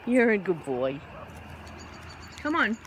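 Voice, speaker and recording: A woman's voice: medium pitch, sing-song, slow, slight background noise. A young woman outdoors, cooing pet talk at wild birds with muttered asides to a handheld camera. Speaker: vlogger feeding wild kookaburras. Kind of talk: casual outdoor chat to animals and camera. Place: outdoors among trees. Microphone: handheld camera held to the side.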